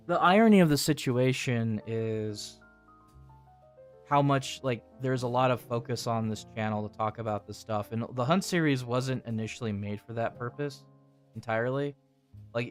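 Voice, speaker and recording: A young man hosting his channel in casual chat, rambling and swearing, often restarting his sentences. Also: mid-range voice. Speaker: channel host.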